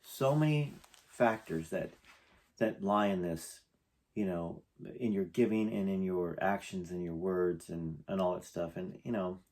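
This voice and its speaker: A man's voice: sits low, unhurried, a little mellow. A man reading a memoir aloud and breaking off into rambling, emotional, conversational asides.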